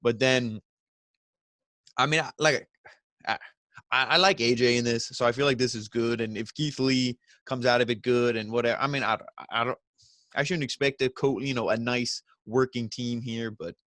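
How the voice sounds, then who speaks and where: A man's voice: mid-range voice, moderate pace, a bit bright, dry recording, studio quality. Rambling man recapping wrestling. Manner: rambling, restarts mid-sentence, acts out quotes. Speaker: wrestling show reviewer. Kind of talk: casual recap podcast.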